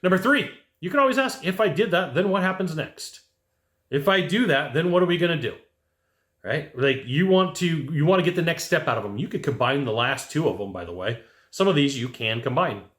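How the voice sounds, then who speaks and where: A man's voice: a little high, lively intonation, brisk, a bit bright, roomy sound. A man coaching HVAC technicians in sales. He talks casually to camera, acts out sales scripts and tags his points with "right?" and "okay?". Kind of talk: casual instructional talk to camera.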